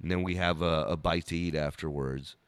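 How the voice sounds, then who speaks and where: A man's voice: extremely low pitch, fairly quick, smooth, no echo. A male comedian telling a story on a podcast, swearing and acting out scenes. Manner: animated, swearing, acts out scenes. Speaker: comedian guest.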